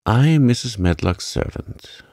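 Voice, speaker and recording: A man's voice: low voice, animated, slow pace, vocal fry, dark tone, no room sound, clean studio sound, exaggerated voice. A man voicing a cheerful, talkative young housemaid with a broad Yorkshire accent, plain-spoken and unbothered. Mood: stout.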